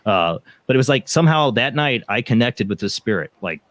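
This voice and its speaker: A man's voice: medium pitch, expressive, a little fast, a bit bright, no room sound. A man hosting a paranormal radio show, telling stories in casual rambling chat with many restarts. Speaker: podcast host.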